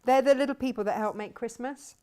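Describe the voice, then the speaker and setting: A woman's voice: fairly high pitch, fairly quick, darkish tone. A middle-aged woman hosts a casual live stream for a fabric shop. She chats freely, greets viewers by name and reads out their comments, laughing often.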